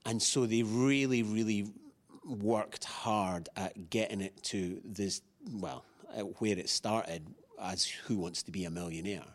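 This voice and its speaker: A man's voice: fairly low pitch, takes it slowly. A middle-aged man, an actor being interviewed, talking in a chatty, rambling way with many restarts. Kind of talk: casual interview chat.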